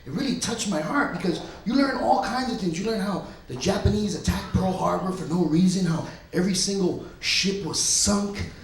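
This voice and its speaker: A male stand-up comedian telling stories in a loud, punchy way on a club stage. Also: high-pitched, normal speed, hardly any pauses, faint music behind. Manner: loud, punchy storytelling, often laughing. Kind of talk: stand-up set. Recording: echoey club room.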